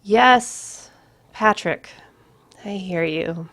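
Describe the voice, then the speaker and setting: A woman voicing a peevish young woman lover who calls out shrill and exasperated from another room. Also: extremely slow, a bit bright. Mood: snapping.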